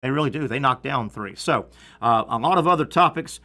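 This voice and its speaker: A man's voice: medium pitch, expressive, a little fast, sharp tone. A man with a Southern accent hosting a sports radio show, chatting casually and joking, with many restarts.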